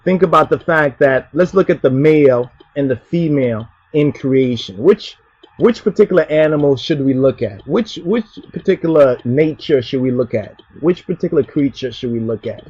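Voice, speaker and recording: A man teaching scripture as a Rastafari preacher, emphatic, often asking "you understand" and reading verses slowly. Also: medium pitch, lively intonation, darkish tone, husky, no echo. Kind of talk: preaching Bible study talk. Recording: dull, dry lo-fi voice recording.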